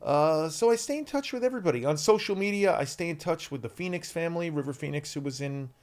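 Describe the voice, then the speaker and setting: A man in his fifties, an actor guest telling stories in a podcast interview, animated and full of ums, acting out shouted quotes. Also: on the high side, quick pace.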